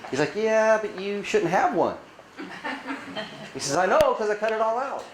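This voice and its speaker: A man's voice: high-pitched, measured pace, reverberant, noisy background. A man giving a conference talk to an audience, asking them rhetorical questions and acting out dialogue while he tells stories. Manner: animated storyteller acting out dialogue. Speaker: conference speaker. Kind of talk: conference presentation to a live audience. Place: conference room.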